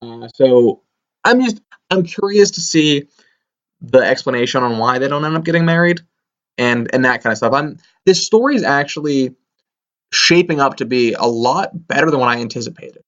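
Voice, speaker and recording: A man's voice: medium pitch, lively intonation, moderate pace, fairly bright tone. A man co-hosting a comic book podcast, rambling enthusiastically with lots of fillers. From Pennsylvania, US. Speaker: podcast co-host. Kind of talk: casual chat. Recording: dull lo-fi sound.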